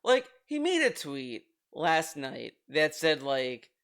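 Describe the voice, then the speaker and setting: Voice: mid-range voice, very animated, takes it slowly, fairly bright tone, clean tone. A streamer giving exasperated, ranting commentary on a video, swearing freely. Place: home streaming room.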